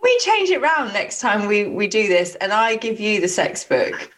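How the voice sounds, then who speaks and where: Animated, giggly woman co-host. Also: medium pitch, normal speed. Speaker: podcast co-host. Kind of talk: casual banter reading news.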